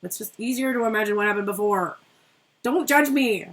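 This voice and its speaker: A woman's voice: medium pitch, brisk, lightly acted. A woman putting on a flustered, defensive young woman. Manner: flustered, self-excusing, laughing nervously. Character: anxious defensive young woman fretting over hopes.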